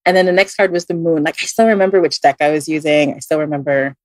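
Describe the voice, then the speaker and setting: Speaking at a quick clip on a dry recording, this tarot reader with a Filipino accent guests on a podcast and relates a story offhandedly, stumbling through fillers and restarts. She's lively, jumping way up and down in pitch whenever she performs someone else's lines.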